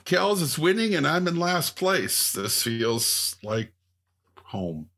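A man with a husky voice, wry and self-mocking, playing a trivia game on a podcast. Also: on the high side, sing-song, slow pace, a bit bright, a little hiss or hum. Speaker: podcast co-host, quiz player. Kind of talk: casual podcast banter.

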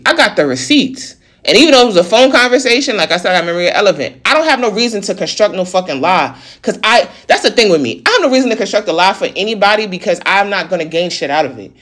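A vlogger telling a personal story in a casual rant, blunt and heavy with swearing, talking fast in long run-on sentences. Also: medium pitch, fairly bright tone. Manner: blunt, profane, heated venting.

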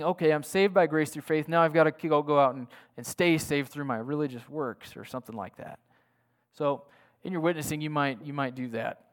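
A man preaching a sermon in an earnest, emphatic way, often asking his listeners rhetorical questions. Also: on the high side. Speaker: pastor.

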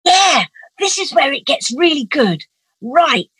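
A woman's voice: high-pitched, big pitch swings, measured pace, fairly bright tone, no room sound, low-quality recording. A middle-aged woman, telling an emotional personal story as an interview guest in an earnest, vivid way. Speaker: guest, parent advocate.

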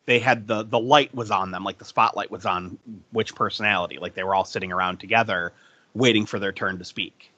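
A man's voice: lowish voice, steady tone, a little fast, pushed and bright, no room sound, highs cut off. A man hosting a podcast, recapping a movie plot in casual chat, chatty and laughing easily.

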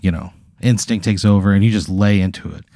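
A man improvising a deadpan, escalating comedic story, acting out quotes from the people in it. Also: sits low, fairly quick. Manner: deadpan, escalating absurd narration with acted-out quotes. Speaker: podcast host.

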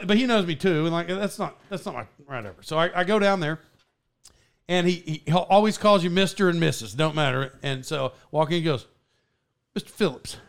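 High-pitched guy rambling thru a podcast story, laughs a lot, keeps restarting. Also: gravelly, fairly bright tone, clean tone. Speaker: podcast host. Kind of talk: casual storytelling chat.

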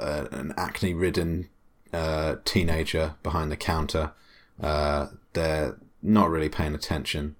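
A man running a comedy tabletop game as game master, rambling with many fillers. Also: a bass voice. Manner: rambling, laughing, filler-heavy.

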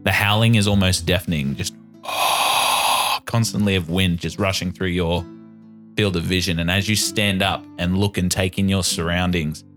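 A man acting as game master narrates a tabletop game, describing scenes vividly. His voice is deep and fairly bright, with a steady tone at normal speed, and soft music plays in the background.

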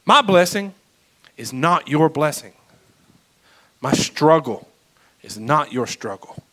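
A man preaching as pastor, impassioned, swinging between loud exclamations and hushed moments. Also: a little high, lively intonation, slow, low-quality recording. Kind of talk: sermon.

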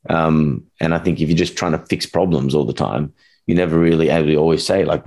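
A man's voice: rumbling low, steady tone, fairly quick, a little mellow. A young man, a dog trainer, talking casually and rambling, acting out quotes with funny voices. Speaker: dog trainer, podcast co-host. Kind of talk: casual chat.

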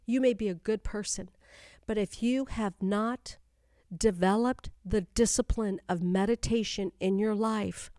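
In a studio-quality recording with no room sound, a woman speaks in a mellow, mid-range voice. She teaches the Bible as a spiritual coach for her YouTube channel and podcast, using emphatic repeated phrases and addressing listeners directly, asking them to stay with her.

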